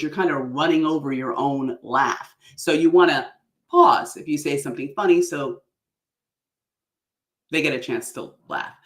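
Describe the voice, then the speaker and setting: Woman, public speaking coach, exaggerated animated talk, echoey room. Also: sits low. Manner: animated, exaggerated delivery with frequent laughs. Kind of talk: online workshop talk.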